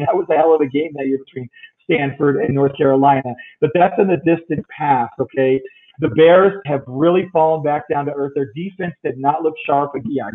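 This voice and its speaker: A podcast host with a fairly high, husky voice talks casually through his game picks. He's chatty, giving a rundown of the matchups, and the recording has a tinny, phone-like sound.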